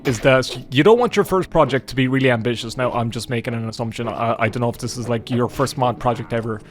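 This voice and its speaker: Irish male gaming host, loose rambling let's-play chat with casual swearing, average pitch, soft music bed. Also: quick pace. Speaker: gaming YouTuber.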